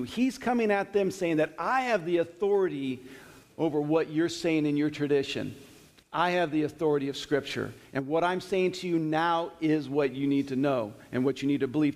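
Middle-aged guy leading bible study, chatty then slow on the verses, kinda high voice. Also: a little mellow. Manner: conversational, reads verses slowly with emphasis. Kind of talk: sermon-style Bible teaching. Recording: long hall reverb.

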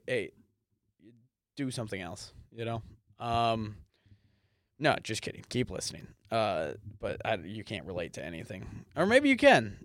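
A young man hosts a solo podcast in a loose, rambling way, cursing often and getting sidetracked. His voice sits in a middle range, and the recording is dry and close with no room echo. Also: mid-range voice. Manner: rambling, profane, easily sidetracked. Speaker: podcast host. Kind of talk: casual solo podcast monologue. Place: apartment or small home studio.

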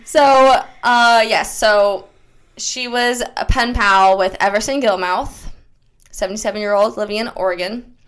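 A woman co-hosting a podcast in casual chat, playful and giggly, a bit tipsy and high as she tells a story. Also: a little slow, a bit bright, smooth. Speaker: podcast co-host.

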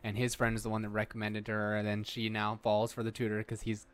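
A man's voice: on the low side, completely flat delivery, fairly quick, a bit bright. A man co-hosting a casual movie podcast, joking and recapping plot in a laid-back way. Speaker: podcast co-host.

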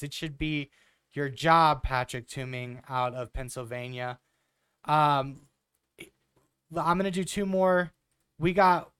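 A man's voice: fairly high pitch, fairly bright tone, clean tone, no echo. A man in his twenties giving blunt, sarcastic political commentary with some swearing. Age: 20s.

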